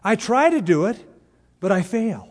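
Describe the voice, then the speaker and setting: A man preaching an expository sermon as pastor, animated and acting out little voices. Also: sits high, moderate pace, in a large hall. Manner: animated, acts out voices and exaggerated asides. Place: large church sanctuary.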